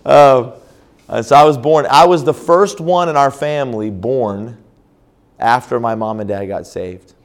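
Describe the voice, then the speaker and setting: A man in the pastor's role tells his story at a church conference in a mid-pitched voice. He speaks in sermon-testimony fashion, restarting often and leaning on fillers as he goes. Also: measured pace.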